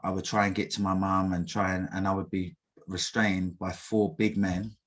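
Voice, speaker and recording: A young man recounts his past in an interview. His voice sits low and stays flat. He talks haltingly, full of fillers and restarts. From England. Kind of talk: personal testimony in an interview.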